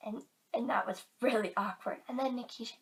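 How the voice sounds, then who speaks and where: A woman's voice: on the high side, brisk, creaky. A teenage girl vlogging to camera in casual chat, chatty and giggly, filling her talk with "like", a bit tired.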